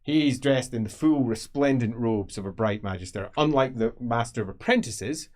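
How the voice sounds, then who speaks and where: A man's voice: medium pitch, normal speed, darkish tone. A man in a middle register narrates a tabletop fantasy game as game master. He lays out the scene in detail and drops in casual swearing.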